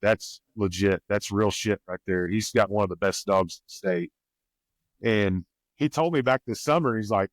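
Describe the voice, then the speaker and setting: Podcast guest, male, twang, folksy storyteller, lowish voice, dry booth sound. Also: normal speed, dry recording. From Missouri, USA. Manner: rambling, folksy, quotes others with raised pitch. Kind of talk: casual storytelling.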